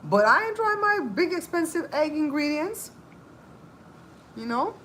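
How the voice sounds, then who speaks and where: A woman's voice: high-pitched, unhurried, slight background noise, low-quality recording. A woman hosting a cooking channel, talking in a casual, sassy, chatty way. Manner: animated, chatty, sassy asides. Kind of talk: casual chat.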